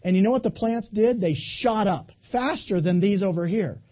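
A man in his twenties giving an animated, folksy motivational talk, speaking directly to a live audience. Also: sits high, normal speed, lo-fi sound. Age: 20s.

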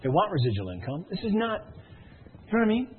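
A man's voice: high-pitched, huge pitch swings, quick pace, a little hiss or hum. A man giving a motivational speech at a sales meeting, emphatic and repetitive, telling stories to push his audience. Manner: emphatic, repetitive, storytelling, rising and falling intensity. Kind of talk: motivational speech to a live room. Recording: tinny phone-like audio.

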